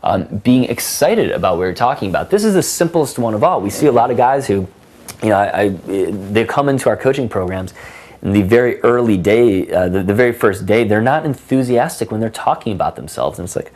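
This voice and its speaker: A man with a low voice explains dating tips in a loose, casual coaching talk. He fills his sentences with um and you know. When he acts out example lines, his voice leaps up with sudden energy. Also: fairly quick. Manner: animated, acts out example lines with big pitch jumps; many fillers like um and you know.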